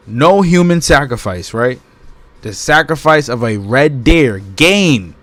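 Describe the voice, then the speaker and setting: A man's voice: medium pitch, animated, takes it slowly, a bit bright, no room sound. A man hosting his channel, reading a book aloud and breaking off into casual, emphatic commentary that repeats points and keeps asking his listeners "right?". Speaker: channel host.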